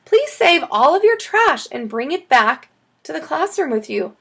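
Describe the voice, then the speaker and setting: A cheerful schoolteacher patiently explains things to her class in a bright, lively voice. A woman puts her on while reading a children's book aloud. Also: sits high, unhurried, voice pushed up, exaggerated voice. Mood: instructive. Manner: patient, instructive.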